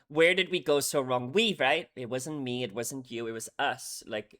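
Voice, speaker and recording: A man's voice: mid-range voice, moderate pace, few pauses, bright, forceful tone. A young man talking through song lyrics in a casual reaction video, earnest and emotional, often checking in with "right?". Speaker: music reaction YouTuber.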